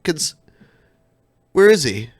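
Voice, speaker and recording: Slow, lively-pitched man reacting to stories. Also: breathy edge, no echo, studio quality. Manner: reacting with amused disbelief, reading chat comments. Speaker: podcast host. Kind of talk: casual chat.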